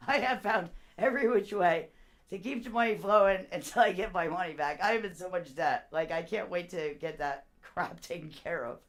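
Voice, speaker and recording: A woman chatting casually to viewers on her live stream as a seller, rambling on and laughing often. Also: fairly low pitch.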